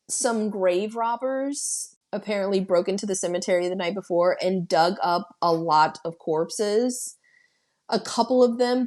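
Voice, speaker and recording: A woman's voice: mid-range voice, darkish tone. A woman walks through a film's story scene by scene, taking her time over each beat. She talks casually and bluntly, dropping swear words as she goes. Her voice sits in an ordinary middle range. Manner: blunt and profane, with laughter. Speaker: podcast host. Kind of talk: casual plot recap.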